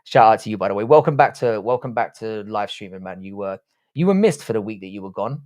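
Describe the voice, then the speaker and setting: A man's voice: fairly low pitch, expressive, quick pace, a little mellow. A man with a Southwest London accent hosting a casual live stream, reading chat and bantering with heavy swearing. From England. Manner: profane, teasing banter.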